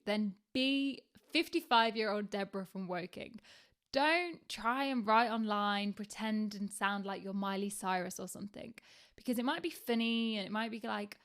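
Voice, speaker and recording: A woman's voice: medium pitch, a bit bright. Chatty woman teaching writing. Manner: chatty and candid, with fillers like "like" and "um". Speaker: writing instructor. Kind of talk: casual online lesson.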